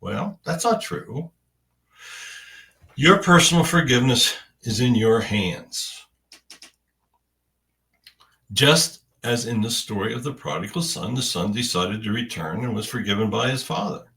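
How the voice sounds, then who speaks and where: A man delivering a spiritual message in the first person, in deliberate, halting phrases with long pauses. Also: mid-range voice, animated, creaky, pushed and bright, distant mic.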